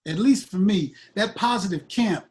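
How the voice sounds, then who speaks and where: A man's voice: high-pitched, moderate pace. Encouraging male talk show host. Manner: encouraging, frequent affirmations. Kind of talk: casual interview chat.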